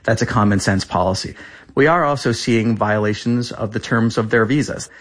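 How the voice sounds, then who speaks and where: A man's voice: lowish voice, moderate pace. A man in his thirties, a government spokesperson, answering interview questions with insistent, repeated talking points.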